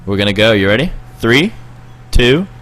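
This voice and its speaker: Lively young man hosting a podcast. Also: medium pitch, moderate pace. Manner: coaching, joking, swings into mock radio voice. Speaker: podcast host and producer. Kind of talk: casual podcast banter.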